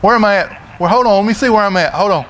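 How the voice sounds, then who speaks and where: A middle-aged man with a Southern US accent preaching a sermon in a church, folksy and loud, often repeating his words as he goes. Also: sits high, fast. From Florida, USA. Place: church sanctuary.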